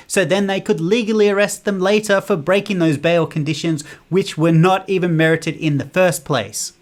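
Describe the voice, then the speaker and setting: A man giving an indignant political commentary monologue. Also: a little high. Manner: indignant, rapid-fire rhetorical.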